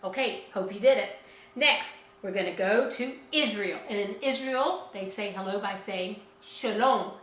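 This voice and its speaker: A woman's voice: medium pitch, a little slow, fairly bright tone, reverberant, slight background noise, rough recording. A woman teaching a children's music lesson in a cheerful, encouraging way, talking straight to the kids.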